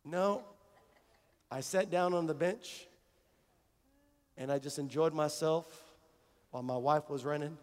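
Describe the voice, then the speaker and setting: High-voiced man preaching in a church. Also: measured pace, long pauses, long reverb tail. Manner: conversational preaching with repeated phrases and acted-out dialogue. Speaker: pastor. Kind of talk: sermon. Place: church sanctuary.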